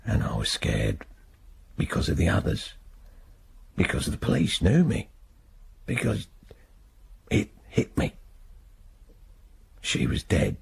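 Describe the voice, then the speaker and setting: This radio drama actor voices an elderly British ex-prisoner freed after long years inside, recounting his tale in a bitter, halting way. The delivery is low-pitched and exaggerated, with huge pitch swings, a gravelly husk, and a haunted feel.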